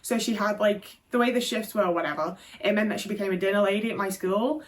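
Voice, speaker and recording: A woman's voice: mid-range voice, quick pace, recorded from a distance. A British woman telling her own life story to camera, frank and full of swearing and "like" fillers. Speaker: video creator. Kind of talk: candid personal storytelling to camera.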